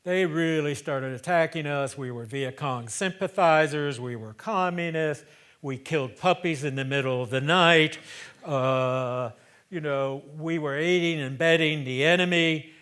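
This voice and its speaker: A man in his seventies delivers a theatrical, conversational storytelling monologue onstage. His voice is clear, resonant, and a little high, his pace a little slow, and he moves from loud emphasis to hushed asides.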